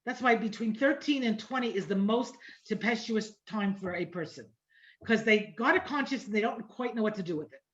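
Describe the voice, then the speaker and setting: A woman's voice: medium pitch, a little fast. A middle-aged woman teaching an online Torah class in a conversational manner, repeating phrases and checking in with the listeners. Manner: conversational, repeats phrases and asks "right?" often. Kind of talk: informal lecture. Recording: dull lo-fi online class audio.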